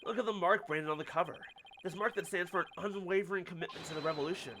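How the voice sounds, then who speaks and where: A man's voice: sits high, fast, sharp tone, slight background noise. A man reading the lines of an earnest young male defense lawyer in a video game, pressing with questions. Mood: accusing.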